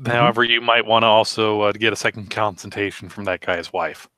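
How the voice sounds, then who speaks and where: A man chatting casually on a live viewer show, telling a rambling deadpan joke story. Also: fairly low pitch, brisk, no room sound, clean studio sound. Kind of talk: casual joking chat.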